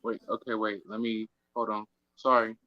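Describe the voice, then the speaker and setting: A man's voice: lowish voice, level tone, normal speed, dry recording, dull audio. A man joining a livestream as a guest, laid-back and laughing often.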